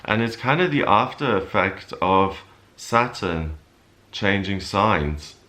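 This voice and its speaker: A man with a fairly low voice gives a weekly horoscope in a casual, unscripted way. He explains the stars calmly and drifts into loose, rambling asides. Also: slow pace. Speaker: astrologer giving a weekly horoscope. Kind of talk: casual spoken forecast.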